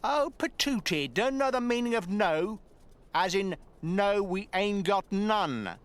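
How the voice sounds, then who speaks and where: A man's voice: sits high, lively intonation, slow. An actor playing a crude, leering male thug in a video game, sneering and mocking with frequent chuckles.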